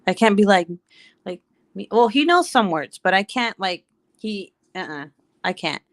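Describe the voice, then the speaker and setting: Her voice is mid-range and sing-song at a normal speed, recorded without echo. She's an American woman in her thirties whose first language is Spanish, and her English carries a Mexican Spanish accent as she rambles to her stream audience, laughing a lot and cursing freely.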